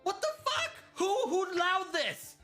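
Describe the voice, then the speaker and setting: A man voicing a group of indignant male carnival contestants, outraged and yelling. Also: lively intonation, normal speed, soft background music. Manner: outraged and shouting, high and strained. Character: angry indignant male carnival pig-wrestling rivals.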